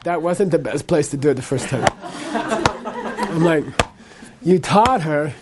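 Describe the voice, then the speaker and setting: High-voiced man teaching Buddhism. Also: moderate pace, very noisy. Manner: conversational, frequent "okay?" and "you know". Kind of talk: teaching a class.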